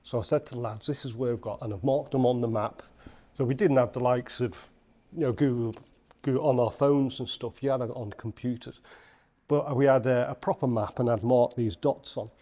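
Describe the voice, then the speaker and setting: A man from Liverpool with a Liverpool accent, a podcast guest telling a lively anecdote in casual chat, acting out the people he quotes. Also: mid-range voice, brisk. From Liverpool, England. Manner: animated anecdote-telling with acted quotes and laughs. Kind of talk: storytelling in casual interview.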